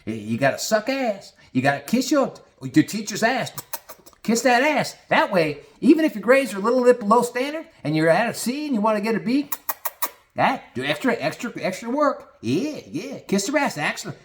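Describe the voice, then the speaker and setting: A man putting on a squeaky fawning office suck-up. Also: sing-song, normal speed. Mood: preachy. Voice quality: high-pitched, eager, groveling. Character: fawning, breathless male coworker sucking up to boss.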